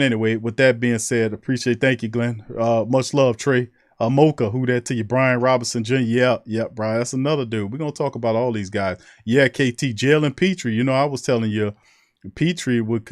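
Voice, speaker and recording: A man's voice: lowish voice, no room sound, studio quality. A man hosting a sports livestream, chatting loosely and greeting viewers by name. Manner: loose, slangy, reads chat names aloud. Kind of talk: casual livestream chat.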